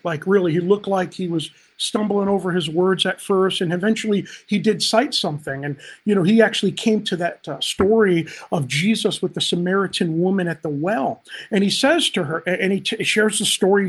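A man's voice: high-pitched, husky. A man speaking as a pastor on a livestream, upbeat and talking straight to viewers in the chat. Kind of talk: livestream Bible teaching.

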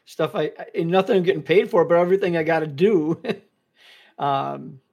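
A man co-hosting a casual podcast, telling a story with many ums and pauses. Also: fairly high pitch, creaky, a little mellow, dull audio. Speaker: podcast co-host. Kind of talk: casual chat.

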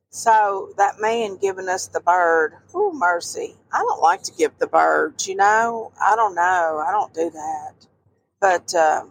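A woman's voice: medium pitch, slight background noise, low-quality recording. A woman co-hosting a podcast, chatting and telling stories in a folksy way with homespun sayings. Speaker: podcast co-host. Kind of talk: casual storytelling chat.

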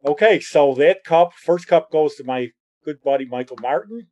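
A man's voice: expressive, moderate pace. A middle-aged man telling personal memories in a casual, rambling way. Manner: rambling, conversational, drops lower and quieter when reflective. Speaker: storyteller.

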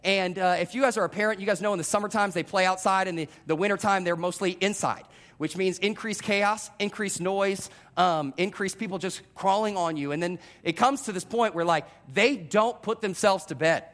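Thirties male pastor with a high voice; lively sermon delivery that mixes personal stories with audience asides. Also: fairly quick. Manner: animated, self-deprecating storytelling with direct audience address.

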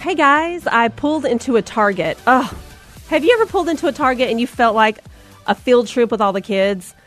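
A woman's voice: a little high, expressive, a little fast, a bit bright, soft background music. A woman, hosting a podcast and telling a self-deprecating story in a chatty, casual way. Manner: chatty, self-deprecating, addresses listeners as mamas. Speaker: podcast host.

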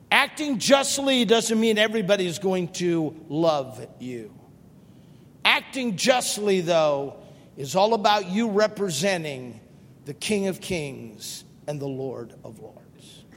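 A middle-aged man preaching a sermon as pastor, animated and emphatic, firing off rhetorical questions and repeating for emphasis. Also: high-pitched. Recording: long reverb of a large hall.

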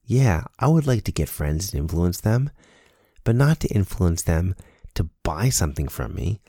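A man's voice: low voice, sing-song, moderate pace, warm tone, slightly rough, no echo, studio quality. A man in a casual monologue, earnestly telling a personal story and acting out the dialogue. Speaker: speaker sharing a personal lesson.

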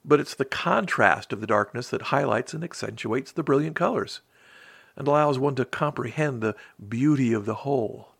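A man voicing a gentle, wise bird that speaks in a soothing, thoughtful way. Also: mid-range voice, moderate pace, creaky, slightly rough, voice pushed up.

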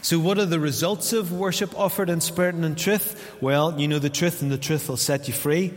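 A man's voice: on the high side, fairly even intonation, normal speed. A man with a Northern Irish accent preaching a sermon as pastor in a church, in a conversational way, acting out little dialogues with his listeners. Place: church hall. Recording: long reverb of a church hall.

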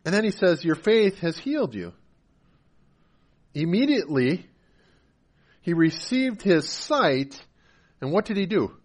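Impassioned preacher man, fairly high voice. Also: big pitch swings, measured pace, long pauses. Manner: builds from quiet storytelling to loud, impassioned preaching; conversational, with repeated phrases. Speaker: pastor. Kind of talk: sermon.

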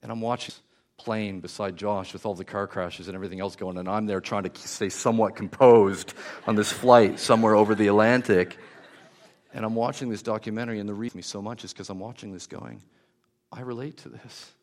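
A man preaching a sermon, telling a moving story with warmth and hushed, emotional moments. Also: lowish voice, fairly even intonation, brisk.

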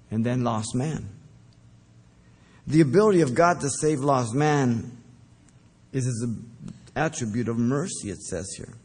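A man preaching verse by verse, deliberate and emphatic, with occasional fillers. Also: mid-range voice, a little mellow, slightly rough. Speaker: pastor. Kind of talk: verse-by-verse Bible teaching.

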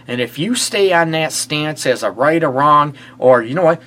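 Speaking with a high-leaning, sharp and expressive voice, this middle-aged man offers earnest relationship advice live to an audience. He's a therapist, casual in tone, moving at a moderate pace with few pauses and throwing out rhetorical questions.

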